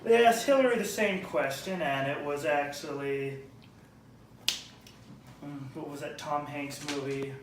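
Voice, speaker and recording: High-voiced man doing stand-up in an echoey room. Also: distant mic, background noise. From Canada. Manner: animated, slips into quick character voices. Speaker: stand-up comedian. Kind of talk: stand-up comedy set.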